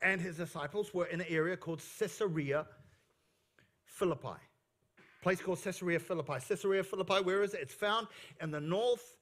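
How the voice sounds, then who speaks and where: High-voiced male pastor preaching emphatically. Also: moderate pace, fairly bright tone. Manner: emphatic, repeats key phrases, playful asides. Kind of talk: sermon. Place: church service. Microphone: fixed microphone on stage.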